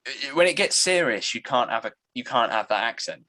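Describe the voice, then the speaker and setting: A man's voice: medium pitch, animated, a little fast, pushed and bright, poor audio. A man hosting a podcast commentary, explaining the plot in a hesitant, step-by-step casual chat. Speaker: podcast host.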